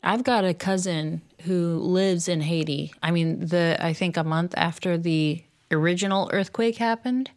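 A woman's voice: on the low side, a little slow, few pauses. A woman talking in thoughtful, casual conversation. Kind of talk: casual chat.

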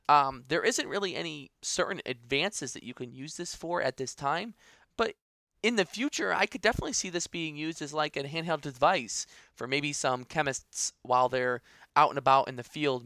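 A man's voice: a little high, creaky, pushed and bright, dry recording, studio quality. A man co-hosting a casual podcast, presenting news stories with enthusiasm and plenty of filler words. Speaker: podcast co-host.

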